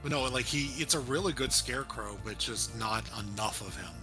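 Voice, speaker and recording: A man's voice: medium pitch, a little fast, music in the background. A man co-hosting a casual film review chat, laid-back and joking, swearing now and then. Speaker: podcast co-host.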